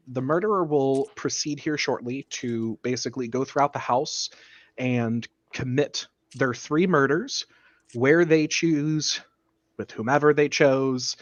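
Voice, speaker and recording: A man runs a tabletop murder mystery as game master, explaining the scene and rules in an easygoing, steady voice. His pitch sits in a middle range. The recording is dull and dry, like a home mic with little room sound. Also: no echo. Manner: relaxed, explanatory, laughs often.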